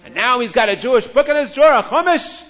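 A stern Roman emperor blusters with emphatic force, as a man acts him out. His voice sits fairly high in a storybook telling. The hall adds long reverb. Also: lively intonation, fast talker, a bit bright. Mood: indignant.

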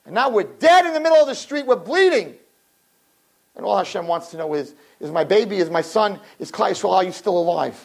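Man, high voice, impassioned sermon, swings from murmur to shouting, acts out characters. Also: animated, a little fast, creaky, low-quality recording. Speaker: religious teacher.

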